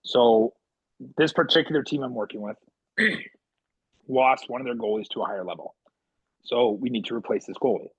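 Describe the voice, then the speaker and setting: A man co-hosting a podcast, telling animated stories and acting out the quotes with sudden jumps in pitch. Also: normal speed, pauses often, breathy edge, no echo, lo-fi sound. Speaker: podcast co-host and goalie coach. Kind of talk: casual storytelling chat.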